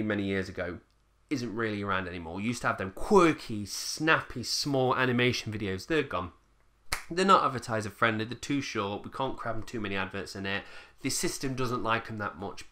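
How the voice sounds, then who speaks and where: A man's voice: medium pitch, bright, forceful tone. A man, a YouTuber ranting bluntly to camera in a casual, swearing way.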